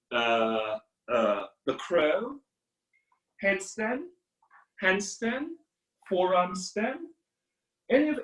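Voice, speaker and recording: A man teaching a live online yoga class, giving calm guiding cues to his students. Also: fairly high pitch. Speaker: yoga instructor. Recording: echoey room from far off.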